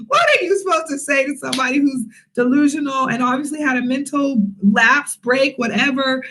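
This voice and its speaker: A young woman telling a casual storytime vlog, chatty and animated, with many fillers and asides to her viewers. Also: high-pitched, moderate pace, slight background noise, poor audio. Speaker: vlogger, English teacher in Korea.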